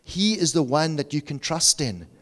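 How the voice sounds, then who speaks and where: A middle-aged male pastor preaching in a church sanctuary, his voice sitting a touch higher than most men's. He builds passionate, repetitive appeals and then drops into quiet, humble prayer. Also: animated, moderate pace, big-room sound. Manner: passionate, rising to urgent repetition then softening into hushed prayer. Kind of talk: sermon and closing prayer.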